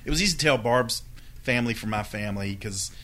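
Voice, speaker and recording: A man who is a guest on a chat podcast, jokey and quick to laugh as he tells stories. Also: mid-range voice, heavy background noise. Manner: animated, jokey, laughs often. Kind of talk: casual chat.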